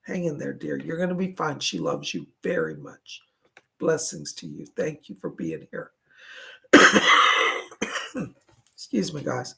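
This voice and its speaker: This man, a psychic medium, passes on messages during live online readings and regularly breaks off to say "hold on," sometimes coughing or clearing his throat between them. He speaks in a mid-range, slightly bright voice whose pitch swoops wildly, at a somewhat slow pace with frequent pauses.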